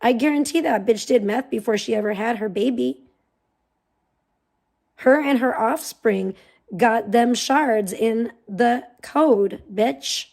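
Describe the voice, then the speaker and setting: A woman's voice: on the high side, slow pace, gravelly, darkish tone. A woman hosting a livestream, delivering a profane, mocking rant of commentary. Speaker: livestream host.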